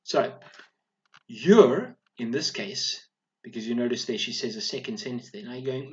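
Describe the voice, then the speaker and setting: A man teaching a recorded video lesson to young schoolchildren, speaking clearly and encouragingly, often checking in with "all right?". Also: mid-range voice, animated, moderate pace, lo-fi sound.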